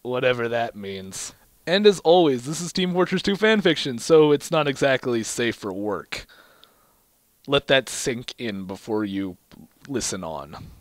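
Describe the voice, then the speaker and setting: On his own channel, a man reads a fan fiction story aloud in a wry, amused, casual tone, stumbling over words now and then. His mid-range voice is animated and a little slow, with no echo.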